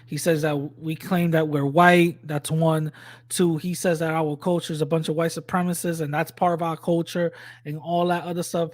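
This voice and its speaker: A man's voice: fairly high pitch, flat delivery, normal speed, dry recording, clean studio sound. A man giving casual, slangy commentary on a clip he is playing, bluntly calling out claims point by point. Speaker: reaction commentator.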